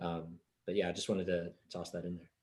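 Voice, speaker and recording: A man's voice: sits low, flat delivery, fairly quick, a crowd in the background. A man discussing ideas on a podcast, trailing off and hunting for words. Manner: hesitant, many fillers and restarts. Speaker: podcast co-host. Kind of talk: casual discussion.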